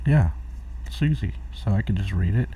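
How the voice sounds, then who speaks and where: A man's voice: on the low side, animated, moderate pace, mellow, breathy edge, distant mic. A middle-aged man hosting a rambling solo live stream from home, distracted and chuckling at his own jokes. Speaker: host of a live talk stream.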